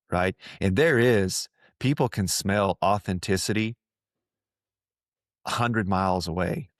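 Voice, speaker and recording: This podcast host has a low-pitched voice and talks about faith earnestly and conversationally, frequently repeating himself and imitating people he quotes. The sound is clean and dry, straight from a studio.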